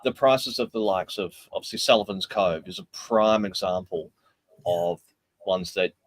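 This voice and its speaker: An Australian man in relaxed casual chat, joking and swearing casually. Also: low-pitched, moderate pace, poor audio.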